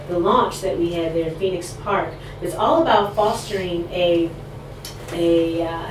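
A woman performing spoken word poetry live, with a measured, rhythmic recitation and loose, laughing asides between pieces. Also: on the low side, noisy background. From United States. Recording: echoey distant live room recording.

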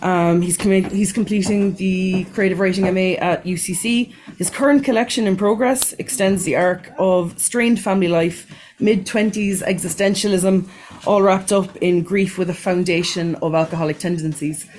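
A woman's voice: medium pitch, steady tone, normal speed, a little mellow, low-quality recording. A woman hosting a poetry event, introducing the next reader casually with fillers. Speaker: event host. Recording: audible background noise.

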